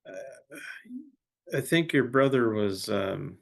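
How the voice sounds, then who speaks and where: A man's voice: fairly low pitch, gravelly. A man playing a tabletop role-playing game, speaking hesitantly as his character. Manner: hesitant, halting. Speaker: player.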